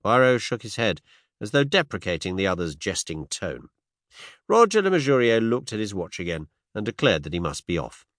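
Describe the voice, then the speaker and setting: A man's voice: lowish voice, huge pitch swings, moderate pace, a bit bright, no echo. A man narrating a classic mystery story as a studio audiobook, told in the first person. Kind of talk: scripted narration.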